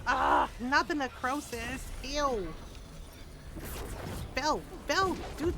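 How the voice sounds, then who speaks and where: A high, animated woman streamer chatting through her gameplay. She laughs often, swears freely and slips in quick character voices, with a faint hiss of background noise. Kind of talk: casual gameplay chat.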